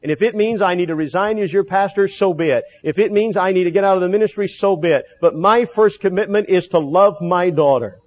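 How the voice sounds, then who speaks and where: A man preaching a sermon, earnest, slowing down to stress key phrases. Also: high voice, muffled recording.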